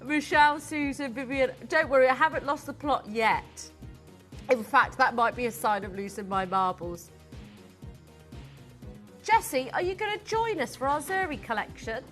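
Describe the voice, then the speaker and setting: A woman's voice: high-pitched, lively intonation, normal speed, fairly bright tone, soft background music. A young adult woman presenting on live shopping TV in a studio, gushing and theatrical.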